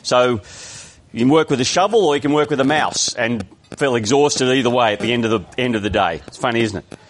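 Man, Australian accent, sermon, middle pitch, conversational, explaining. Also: brisk, a little hiss or hum. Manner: conversational, explanatory, with frequent restarts. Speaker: preacher.

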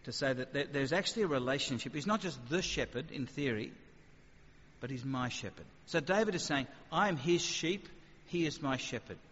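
A man with a fairly high voice preaches in a chatty, lively way and keeps asking rhetorical questions. His words ring out with a long hall reverb, and the sound is a little dull and muffled. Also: fairly quick, breathy edge. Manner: conversational, animated, rhetorical questions. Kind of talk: sermon.

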